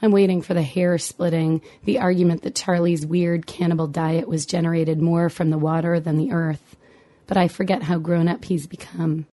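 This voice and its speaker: Wry, warm-voiced woman reading a memoir. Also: lowish voice, level tone, moderate pace. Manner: dry, wry humor. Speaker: memoir narrator, mother.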